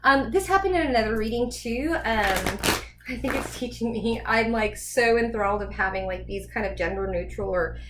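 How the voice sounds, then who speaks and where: A woman's voice: a little high, normal speed, background noise. A woman giving a casual tarot reading, chatty and rambling as she thinks aloud. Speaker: tarot reader.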